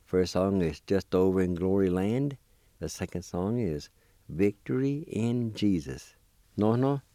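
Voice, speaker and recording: A man teaching a language lesson, spelling words letter by letter and slowly repeating each syllable. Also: sits low, animated, dark tone, no echo, clean studio sound.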